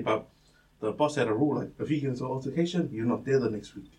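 A man, co-hosting a casual podcast chat and telling animated, swear-filled stories, acting out what people said. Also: mid-range voice, quick pace. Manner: animated storyteller, swears freely, acts out quotes. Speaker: podcast co-host. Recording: distant mic, faint room ambience.

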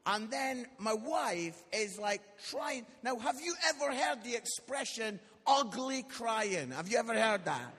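A Scottish man in his forties, a guest preacher, tells funny stories during a live church sermon before an audience in a church hall. His voice is very high-pitched, animated and slightly rough with a bit of brightness, moving at a measured pace with few pauses. Jokey in manner, he acts out quotes and often tags lines with "yeah?", and the live hall recording carries a long reverb.

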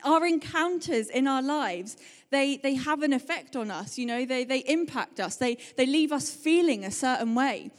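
Chatty woman preaching in a reverberant hall. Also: high-pitched. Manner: chatty, animated storytelling, fast bursts. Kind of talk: sermon.

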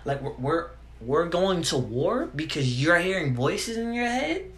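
A man's voice: on the high side, sing-song, measured pace, a bit bright. A young man giving a heated, profane monologue, full of repeated "bro" and restarts. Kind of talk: ranting monologue to camera. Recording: roomy echo with faint ambience.

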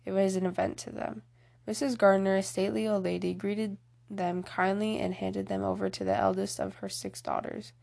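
A woman's voice: medium pitch, level tone, normal speed, gravelly, a little mellow. A woman reading a novel aloud as an audiobook, plainly, with small slips and restarts. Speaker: audiobook reader. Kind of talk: audiobook narration.

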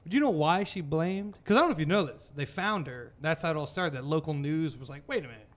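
A man in casual, profane chat with friends, animated and laughing often. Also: a little high, quick pace.

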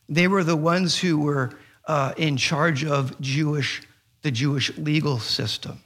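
A middle-aged man preaching a sermon. He tells stories with animation and often restarts his sentences. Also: a little high. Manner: animated storytelling, halting restarts. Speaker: pastor.

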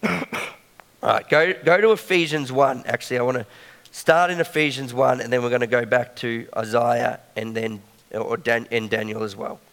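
A man's voice: medium pitch, normal speed, a bit bright, long reverb tail. A man preaching a sermon in a conversational way, often checking in with the congregation.

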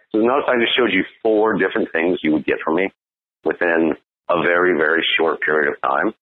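A man's voice: low-pitched, a little fast, dry recording. A man coaching on dating in a blunt, profane monologue, asking "right?" as he goes. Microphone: phone. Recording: tinny phone line.

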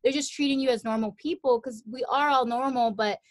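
A woman's voice: high voice, steady tone, a little fast, dry recording. A young woman talking in a reflective, earnest and chatty way in a casual conversation. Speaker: conversation partner. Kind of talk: casual chat.

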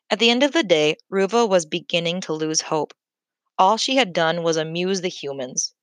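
A woman narrating a children's book in a measured, clear storytelling manner. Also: on the low side, lively intonation, dry recording. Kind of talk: scripted audiobook narration.

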